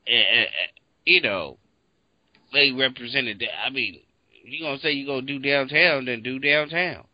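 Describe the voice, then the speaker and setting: A man's voice: medium pitch, moderate pace, no room sound. Seattle guy ranting in casual chat, swears a lot, acts out his reactions, dull dry lo-fi audio. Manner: animated, profane, acts out his own reactions.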